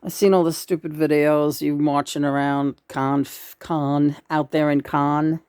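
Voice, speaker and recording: A woman with a low voice chats casually as a co-host. She talks frankly and swears freely, restarting and trailing off as she rambles. The sound is close and dry. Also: level tone, measured pace, a little mellow, clear, resonant tone, dry recording. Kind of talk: casual chat.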